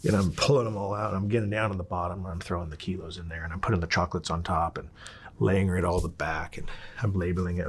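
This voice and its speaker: A man's voice: sits low, fairly even intonation, fast, husky. A man telling a story as an interview guest, in a blunt and profane way, acting out what people said. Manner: blunt and profane, acts out quotes. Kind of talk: casual storytelling.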